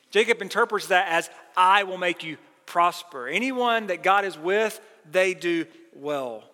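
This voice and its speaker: A man's voice: high-pitched, sharp tone. A man preaching a sermon as pastor, talking earnestly and lifting his voice when he quotes scripture. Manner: earnest preaching, quoting scripture with rising emphasis. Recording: long hall reverb.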